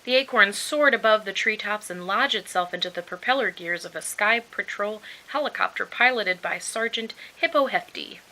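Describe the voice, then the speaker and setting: Woman reading a kids picture book out loud, bright voice, lots of expression. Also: medium pitch, normal speed, few pauses, rough recording. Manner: expressive, animated. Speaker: storybook reader.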